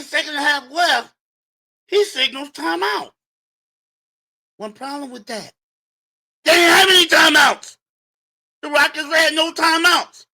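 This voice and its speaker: A male sports host on a livestream, with a high, very bright voice that swings widely in pitch. He talks straight to his viewers in an emphatic, animated way, often rising toward a shout on his main points. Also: gravelly.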